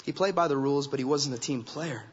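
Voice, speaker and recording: A man preaches a sermon as a guest preacher, speaking emphatically, repeating phrases for stress and acting out quoted remarks in character voices. His husky, medium-pitched voice comes out fast. The recording sounds dull, with long hall reverb.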